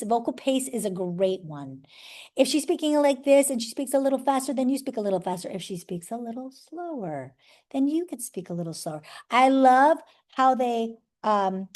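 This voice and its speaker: A woman's voice: fairly high pitch, dark tone. A woman teaching a live seminar to a room of people, chatty, making joking asides and often tagging "right?". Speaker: workshop presenter teaching sales skills.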